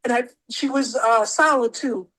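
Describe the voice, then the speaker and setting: A woman guest on a podcast, telling a personal story in a rambling, animated way and repeating herself often. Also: fairly high pitch, normal speed, low-quality recording.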